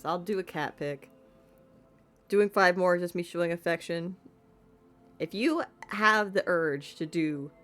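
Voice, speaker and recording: A woman streamer chatting playfully while she plays a game and talks to her cat. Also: on the low side. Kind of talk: casual gameplay commentary.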